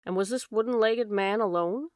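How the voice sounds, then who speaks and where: A woman voicing a shrewd, measured male detective in an audiobook. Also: mid-range voice, clean tone, no echo, clean studio sound, natural voice. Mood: calm. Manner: measured, courteous, quietly strategic. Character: cool, shrewd male detective, polite and probing.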